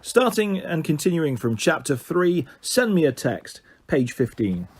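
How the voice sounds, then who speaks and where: A man reading a children's story aloud, expressive and animated as the storyteller. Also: on the high side, a little slow, breathy edge.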